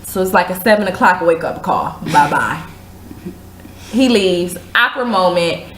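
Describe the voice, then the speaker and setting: Animated woman telling stories in an echoey room. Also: unhurried, a little hiss or hum. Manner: animated, slangy, acts out quotes in a higher voice. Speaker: show host. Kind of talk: casual storytelling chat.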